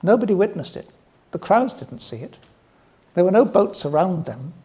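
A man preaching a sermon, telling a family story in a gentle, earnest way and slowing down softly for emphasis. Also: high-pitched, very animated.

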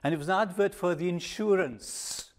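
An older man preaching a sermon, measured and emphatic, dropping to a hush on reflective pauses. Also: high-pitched.

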